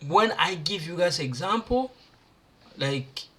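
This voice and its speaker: Slow bright-voiced man drilling sounds. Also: a little high, lively intonation. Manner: slow, repeats sounds and words aloud for learners. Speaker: language teacher. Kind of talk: pronunciation lesson.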